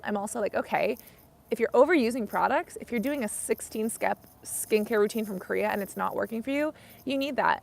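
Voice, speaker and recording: Young female streamer, chatty and rambling, slightly high voice with vocal fry. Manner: chatty, rambling, frequent "like" and "you know". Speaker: skincare YouTuber hosting a live stream. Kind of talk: casual live-stream chat.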